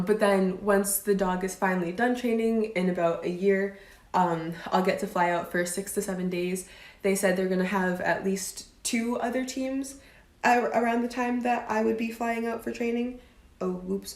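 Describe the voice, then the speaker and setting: A chatty woman in her twenties answers viewer comments on a casual live stream. She talks loosely and leans on "um" and "like" between thoughts. Her voice sits in a roomy space with noticeable echo. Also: medium pitch. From United States. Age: 20s. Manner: chatty, fillers like "um" and "like".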